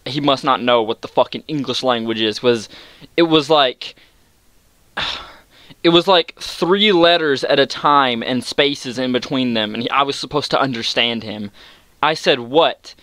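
Young man, vlogger, ranting storytime, sarcastic, sweary, mid-pitched voice, dry close sound. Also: a little slow, pushed and bright, no echo. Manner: exasperated, sarcastic, swears a lot; jumps to high-pitched outbursts.

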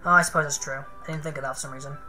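A woman's voice: sits low, fairly even intonation, rapid-fire, bright, forceful tone, faint music behind. A woman reading the lines of a shy, nervous, bookish young woman in a game, in a hesitant way.

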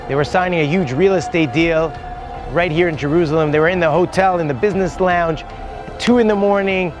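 A man, a rabbi and tour guide, telling a heartfelt story to visitors outdoors at a holy site, with Hebrew phrases mixed in. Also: fairly high pitch.

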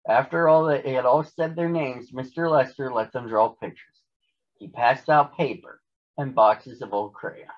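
A man reading a children's storybook aloud in a gentle, unhurried way. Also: mid-range voice. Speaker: storybook reader. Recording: dull lo-fi recording.

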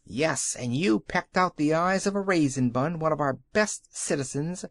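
A man's voice: on the high side, normal speed, dry recording. A man doing an angry bread pudding. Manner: shouting accusation.

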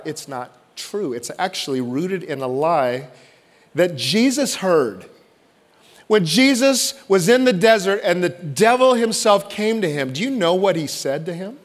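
A man preaching a sermon as pastor, swinging from loud emphatic lines to hushed, intimate ones. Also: high-pitched, lively intonation, normal speed. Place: church sanctuary. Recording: long church reverb.

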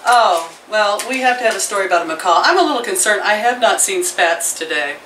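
Middle-aged lady rambling on in her home vlog, bright voice, roomy echo, kinda far off. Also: medium pitch, lively intonation, fairly quick. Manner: chatty, rambling, talks to viewers and her pets. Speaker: vlogger. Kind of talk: casual home vlog chat. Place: home, indoors and out by the chicken pen. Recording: roomy, from a distance, faint background noise.

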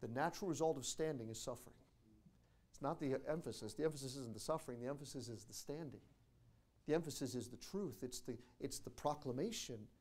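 A man preaching a sermon as pastor of a church, quoting scripture and building to loud, emphatic peaks. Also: mid-range voice, a little fast. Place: church sanctuary.

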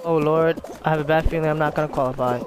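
Hyped young man yelling over gameplay. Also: on the high side, fairly even intonation, fast, very noisy. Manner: hyped, yells at the game, trash-talks friends. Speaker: gaming streamer. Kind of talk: excited gameplay commentary.

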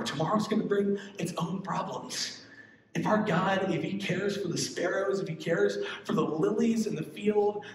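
A man leading a youth service as pastor, speaking gently and slowing down to read scripture. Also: high voice, slight background noise. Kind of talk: youth sermon. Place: large church hall. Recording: echoey hall, distant mic.

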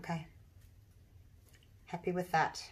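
A woman with a husky voice from allergies, chatting her way through an acrylic paint pour, thinking aloud and breaking into excited exclamations. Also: fairly low pitch, slow pace. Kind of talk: casual demonstration while working.

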